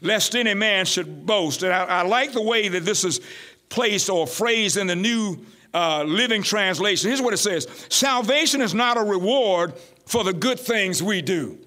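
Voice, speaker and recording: A pastor preaching a sermon, calling out to his congregation and building to shouts. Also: high-pitched, lively intonation, normal speed. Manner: call-and-response preaching, rising to shouts.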